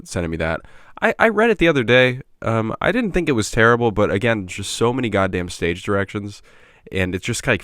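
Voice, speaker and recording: Male podcast host, low voice, exasperated and profane, dry room. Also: a bit bright, dry recording. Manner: exasperated, swears a lot. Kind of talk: casual podcast chat.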